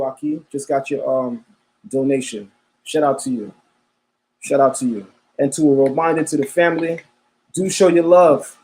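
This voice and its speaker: A man's voice: a little high, a little mellow. A man hosting a live stream, talking casually, repeating himself and calling his viewers family. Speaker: livestream host.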